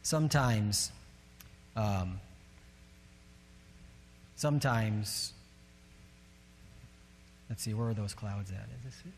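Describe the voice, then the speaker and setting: A man's voice: lowish voice, takes it slowly, long pauses, a little hiss or hum. A man with a northern US accent, a pastor preaching a sermon and telling a personal story with light self-mocking humor. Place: church sanctuary. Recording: long reverb of a large church hall.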